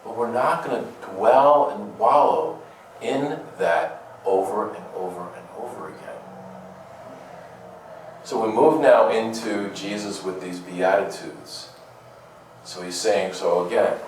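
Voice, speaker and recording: A man preaching an unhurried, chatty homily, leaning on rhetorical questions and playful asides. His voice sits a little low. He is picked up from a distance in a large, heavily reverberant church. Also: a little hiss or hum. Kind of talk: conversational sermon. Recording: very echoey room, distant mic.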